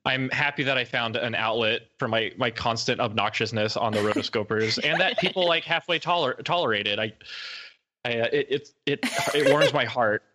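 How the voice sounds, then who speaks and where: Bombastic male podcast co-host, jokey and prone to interrupting, forceful bright voice. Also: medium pitch, brisk, slight background noise. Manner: bombastic, joking, interrupts often. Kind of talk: casual chat.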